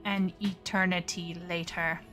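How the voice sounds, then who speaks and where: A woman talks casually to her livestream chat while gaming, chatty but often flustered and stammering. She speaks in a fairly low voice with flat delivery at a measured pace, her tone fairly bright, with faint music behind her.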